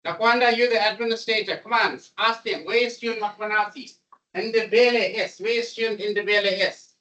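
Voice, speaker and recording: A man giving a classroom programming lecture, animated and repetitive as he coaxes his students along. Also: sits high, fairly quick, lo-fi sound. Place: lecture room. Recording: voice distant from the mic.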